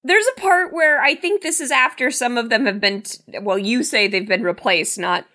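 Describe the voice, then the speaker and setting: A woman co-hosting a podcast in casual chat, animated and incredulous as she reads from her notes. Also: a little high, normal speed. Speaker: podcast co-host.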